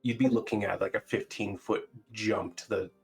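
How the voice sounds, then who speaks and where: A man narrating a tabletop game as dungeon master, halting and searching for words with many fillers. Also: on the low side, steady tone, vocal fry, slightly rough, faint music behind.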